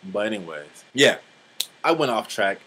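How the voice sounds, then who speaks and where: A man's voice: fairly low pitch, animated, normal speed, sharp tone, slight background noise, low-quality recording. A man in his twenties talking in a casual vlog monologue, rambling and blunt, swearing freely, with many fillers. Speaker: vlogger.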